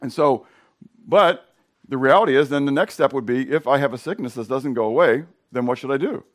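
A middle-aged male pastor with a hoarse voice, preaching in a casual, conversational way and questioning his congregation. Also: medium pitch, fairly quick. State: hoarse from sinus drainage. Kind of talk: sermon.

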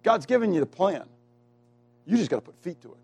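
A man preaching with a voice pitched a little above most men's. He draws the congregation in with questions, leans hard on key words with deliberate slowness, and drops from near-shouts to hushed, low asides. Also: very animated, creaky, husky. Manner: asks the congregation questions and waits for answers; swings from loud emphatic lines to hushed low asides. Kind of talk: sermon.

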